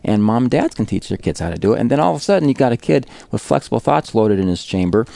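A man's voice: on the low side, sing-song, fast, vocal fry, dark tone, no room sound. A man who is a guest psychologist on a radio interview, explaining eagerly. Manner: enthusiastic, explanatory.

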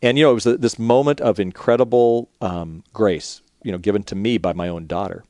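A middle-aged man hosting a radio show, telling a candid personal story in relaxed conversation. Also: lowish voice, no echo. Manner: candid, storytelling, quick-paced.

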